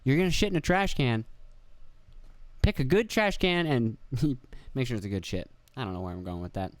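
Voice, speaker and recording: A young man talks through a casual solo podcast in a loose, rambling way, swearing freely and poking fun at himself. His voice sits at an ordinary pitch and sounds close and dry, with no room around it. He slips into quoted voices as he tells stories. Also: normal speed, dry recording. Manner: rambling, profane, self-deprecating, acts out quotes. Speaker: podcast host. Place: indoor room with video camera.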